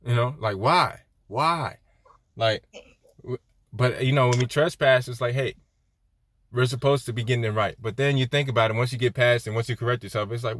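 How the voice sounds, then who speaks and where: A man's voice: mid-range voice, fairly bright tone, dry recording, clean studio sound. A man leading a casual Bible study, reading scripture aloud and talking with viewers, often checking in with "right?" and laughing. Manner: conversational, peppers lines with "right?", laughs often. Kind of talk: casual livestream Bible teaching.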